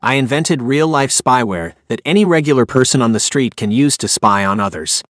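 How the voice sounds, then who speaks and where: A man's voice: mid-range voice, lively intonation, normal speed, a bit bright, no echo, clean studio sound, natural voice. A man voicing a cocky, playful gadget inventor in an audiobook, with a boastful way of talking.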